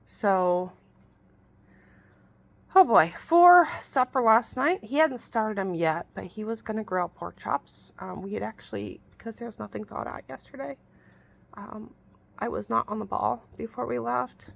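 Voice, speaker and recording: A woman's voice: fairly high pitch, a little slow, creaky. A middle-aged woman telling a rambling story in a casual, folksy vlog, exasperated and chatty. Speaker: vlogger.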